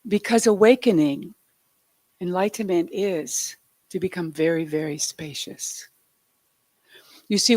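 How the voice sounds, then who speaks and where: A woman speaker giving a meditative sermon, soft and reflective, with light joking asides. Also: on the low side, dry recording. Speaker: spiritual speaker.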